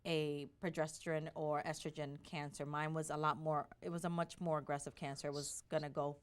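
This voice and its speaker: Low-voiced woman telling her story. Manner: animated storytelling, quick restarts. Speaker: interview guest. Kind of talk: personal story in a conversational interview.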